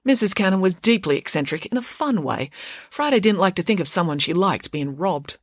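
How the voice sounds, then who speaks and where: A woman narrating a children's story in an expressive, animated reading style. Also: fairly low pitch, fairly quick, dry recording, studio quality.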